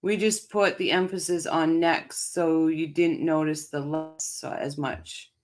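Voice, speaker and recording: A woman's voice: deep voice, fairly even intonation, unhurried, a little mellow. A woman hosting a casual livestream, laughing and chatting with viewers in the chat. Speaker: livestream host reading chat.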